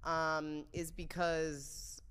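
A woman's voice: sits low, flat delivery, very slow, a bit bright, smooth. A young woman telling a candid, profane dating story in casual chat, giggling as she goes.

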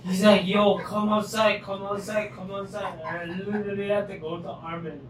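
A man's voice: high-pitched, little pitch movement, moderate pace. A man who is a regular on a podcast, telling his side of a story in a blunt way and swearing often. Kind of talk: casual chat. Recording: echoey room with clear noise, far mic.

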